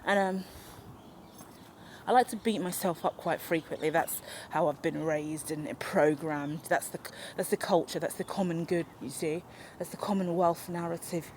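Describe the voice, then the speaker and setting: A woman's voice: on the low side, moderate pace, a little hiss or hum. Brief: woman, walk-and-talk vlogger, chatty and self-mocking, recorded outdoors on a handheld camera. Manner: rambling, animated and self-mocking. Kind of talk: unscripted walk-and-talk vlog. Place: outdoors in a park or woodland. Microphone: handheld camera while walking.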